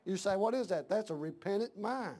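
A middle-aged man preaches in a church with a high, ringing voice. He hammers his points home by repeating lines and climbing into shouts, a pastor in full fire. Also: lively intonation, fairly quick. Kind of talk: fiery sermon.

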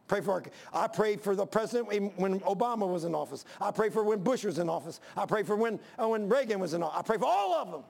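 A man's voice: high voice, vocal fry. An older man preaching a sermon in church, emphatic, folksy and repetitive, driving home each point. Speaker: pastor.

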